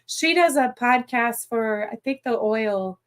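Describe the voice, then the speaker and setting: A woman with a Midwestern American accent hosting a podcast, chatting in an excited, rambling way and correcting herself as she goes. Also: fairly high pitch, takes it slowly. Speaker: podcast host. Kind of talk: casual chat.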